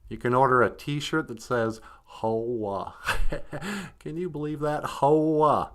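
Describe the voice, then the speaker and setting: A man's voice: mid-range voice, slow, fairly bright tone. A man voicing a serious, polite male dog with a Southern US accent, who stammers and defers to the host. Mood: earnest.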